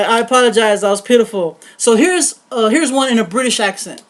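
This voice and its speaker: A woman's voice: on the high side, animated, a little fast, few pauses. Woman host reading a film review. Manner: earnest, wry asides, reading from a script. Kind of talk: scripted review narration.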